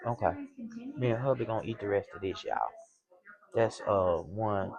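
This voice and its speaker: A woman's voice: very deep voice, normal speed, lo-fi sound, crowd noise. A middle-aged woman, chatting casually to viewers from her home kitchen, exclaiming and laughing often. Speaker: cooking vlogger.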